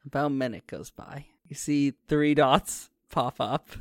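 Brief: slow, dry-voiced game master narrating a tabletop game. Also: mid-range voice, fairly even intonation, dry recording.

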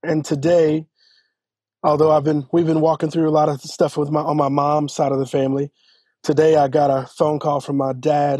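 A man, a church elder, speaking earnestly and haltingly as he tells a personal story in an interview, often restarting his sentences. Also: fairly high pitch, mellow, dry recording. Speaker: church elder and podcast guest.

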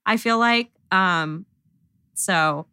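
A woman's voice: mid-range voice, drawn-out words, pushed and bright, smooth, no echo, clean studio sound. A young woman guest on a podcast, chatting casually with wry, sarcastic asides and frequent laughs. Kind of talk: casual chat.

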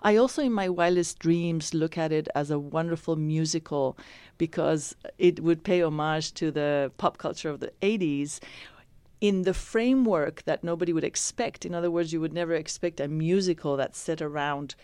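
Thoughtful low-voiced woman, radio guest. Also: normal speed, a little mellow, clean tone, no room sound. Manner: reflective, thoughtful, with many restarts. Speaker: actress, interview guest. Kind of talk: radio interview answers.

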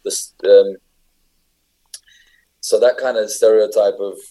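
A young Englishman with a lowish, warm voice chats casually, speaking slowly with fairly even intonation. He rambles through stories full of fillers and restarts, and the audio quality is poor.

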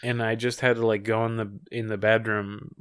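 A man's voice: on the low side, level tone, normal speed, fairly bright tone, clear, resonant tone, no room sound. A podcast co-host, a man in casual chat who rambles through filler words and restarts. He swears freely and keeps circling back to his point. The sound is dry and close to the mic.

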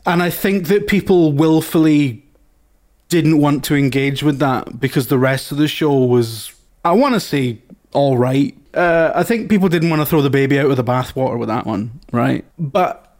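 A man's voice: a little high, normal speed, darkish tone. A man co-hosting a podcast, swearing and ranting in casual banter with friends. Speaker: podcast co-host.

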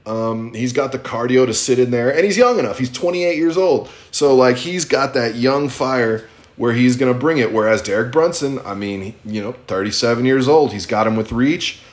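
A man's voice: medium pitch, normal speed. A man co-hosting a casual podcast, rambling with plenty of ums and restarts. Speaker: podcast co-host.

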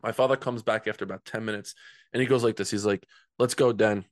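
A man's voice: fairly low pitch, fairly even intonation, fast, no room sound, studio quality. A man from New Jersey, a men's coach telling a personal story as a podcast guest, earnest and conversational, often repeating words.

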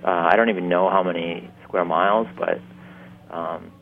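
A man's voice: deep voice, fairly even intonation, moderate pace, gravelly. A man from Upstate New York, a winemaker, talking casually in an interview with many fillers and restarts. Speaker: winemaker guest. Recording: tinny phone-like line.

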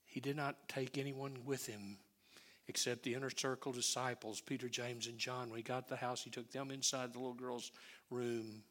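A male pastor preaching a sermon, telling the story with lively swings and dropping to near-whispers. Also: medium pitch, normal speed. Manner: animated storyteller who drops to near-whispers.

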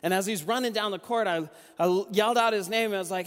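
A young adult man giving a sermon, telling conversational personal stories with lively restarts. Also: high-pitched, fast, few pauses, in a large hall. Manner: conversational, animated storytelling with restarts. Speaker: youth pastor and junior high basketball coach.

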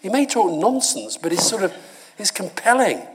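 A man's voice: sits high, moderate pace. A middle-aged man from Britain, a guest speaker answering audience questions in a live university talk, telling stories and mimicking voices. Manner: animated storyteller, laughs and mimics voices. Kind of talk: live Q&A conversation. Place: university lecture hall.

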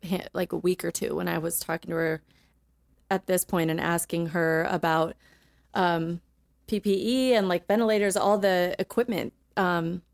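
A woman's voice: on the low side, gravelly, no echo, studio quality. A young woman co-hosting a podcast in casual chat, talking loosely with many fillers and frequent laughs. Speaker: podcast co-host.

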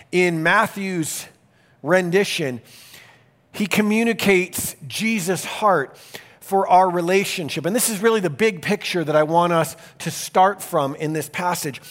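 A male pastor delivering a sermon in an earnest, emphatic style, speeding up and slowing down for emphasis. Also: high-pitched, fairly bright tone. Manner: earnest, emphatic preaching with varied pace.

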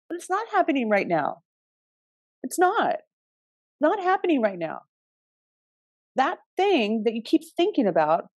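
Woman, middle-aged, a bit high voice, dry close recording, chatty, laughs between thoughts. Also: darkish tone, no room sound. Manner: chatty, laughs often, many restarts. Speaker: astrology talk host. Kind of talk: casual spoken advice.

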